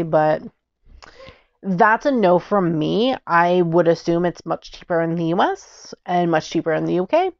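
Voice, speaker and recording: Chatty woman with a gravelly voice. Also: lowish voice, no room sound, highs cut off. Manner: chatty, exclamatory, stumbles over foreign names. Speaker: tarot channel host. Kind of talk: casual product review.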